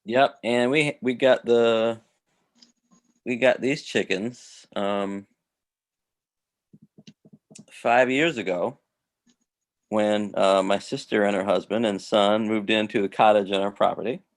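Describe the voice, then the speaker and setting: Man, low voice, casual video-call chat, rambling with fillers. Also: steady tone, slow pace, pauses often. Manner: rambling, many restarts and fillers. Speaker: host.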